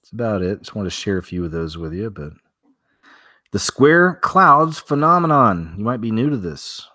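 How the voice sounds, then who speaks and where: A man's voice: lowish voice, very animated, normal speed, sharp tone, no room sound, studio quality. A man hosting a weekly strange-news show from home, talking casually and rambling through stories with many fillers and restarts.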